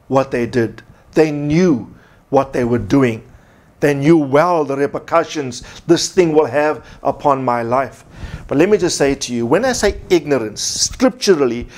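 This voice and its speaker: A man's voice: a little high, a little mellow. A man preaching a sermon as pastor, from South Africa, emphatic and repeating his key points.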